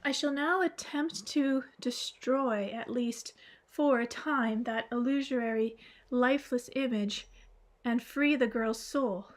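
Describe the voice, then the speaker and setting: A patient, grandfatherly old man, calm and wise, explaining things in an unhurried, gentle way, read by a woman. The voice sits fairly high. It comes from a plain audiobook reading. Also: low-quality recording.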